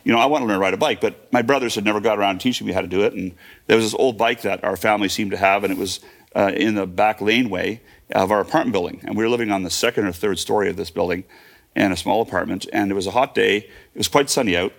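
Tell it fast, low and gravelly, like a man in his fifties reliving a childhood story. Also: fairly even intonation. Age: 50s. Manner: vivid present-tense retelling with fillers and restarts. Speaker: guest. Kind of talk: personal storytelling.

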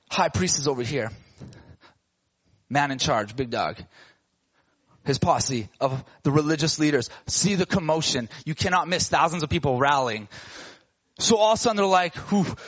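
Male preacher, high voice, animated storyteller, slangy and playful, dull lo-fi recording. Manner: animated, acts out characters in casual slang. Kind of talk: sermon storytelling.

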